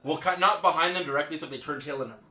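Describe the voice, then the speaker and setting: Male player, bright and forceful tone, eager and chuckly, echoey room with faint hiss. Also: fairly high pitch. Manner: eager, laughing, asks quick questions. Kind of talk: tabletop game chat.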